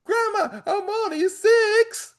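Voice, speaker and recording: A man's voice: very high voice, slow, pitched above the performer's own voice. A man doing a whiny, pleading little boy. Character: overwhelmed crying six-year-old boy.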